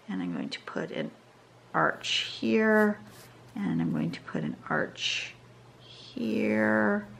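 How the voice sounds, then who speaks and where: Woman, drawing instructor, slow and gravelly, tired, chatty as she works. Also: medium pitch, a little hiss or hum. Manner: chatty, thinks aloud while drawing. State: tired, yawning. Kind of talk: casual drawing tutorial. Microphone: camera over a drawing desk.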